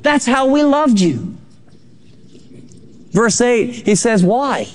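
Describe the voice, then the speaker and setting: A man preaching a sermon as pastor, fervent and exhorting, swinging between soft and urgent lines. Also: extremely high pitch, sing-song, slow pace, long pauses, a little hiss or hum.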